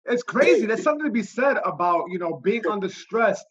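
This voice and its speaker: A podcast host speaks in a high, husky voice that leaps up and down. He reacts with excitable slang. The audio sounds dull and lo-fi. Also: fairly quick. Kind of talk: casual chat.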